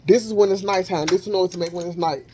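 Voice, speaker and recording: A man vlogging casually from his home kitchen on a handheld phone, thinking out loud as he cooks. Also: high voice, fairly even intonation, fast talker, heavy background noise. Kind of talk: casual chat while cooking.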